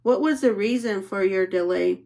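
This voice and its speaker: A woman reading the part of a calm, formal male police detective. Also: mid-range voice, normal speed, vocal fry, natural voice. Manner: formal, questioning.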